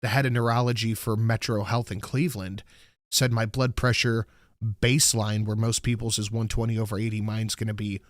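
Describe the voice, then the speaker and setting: A man's voice: on the low side, flat delivery, a little fast, dry recording, clean studio sound. Profane, exasperated man telling a story. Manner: profane, exasperated, acts out both sides of a dialogue. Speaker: show host. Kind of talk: casual storytelling monologue.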